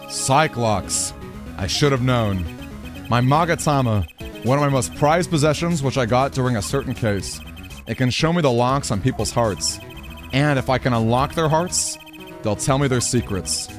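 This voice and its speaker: A man doing a low, dry young lawyer. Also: moderate pace, over music, lightly acted. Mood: probing. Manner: low, flat and insistent questioning. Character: young male defense attorney, probing and dry.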